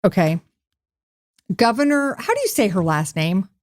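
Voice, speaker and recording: A woman's voice: mid-range voice, moderate pace, dry recording. A woman co-hosts a casual podcast, recapping news with sarcasm and jokes. Her voice sits in a middle range and the recording is dry and close. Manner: animated, sarcastic storytelling with jokes. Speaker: podcast co-host. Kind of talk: casual comedic chat.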